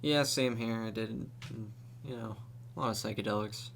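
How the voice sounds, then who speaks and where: A man's voice: on the low side, moderate pace, gravelly, fairly bright tone, slight background noise. A young man co-hosting a podcast in casual chat, telling stories with laughs and swearing freely. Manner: laughing storyteller who acts out quotes, swears freely. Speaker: podcast co-host.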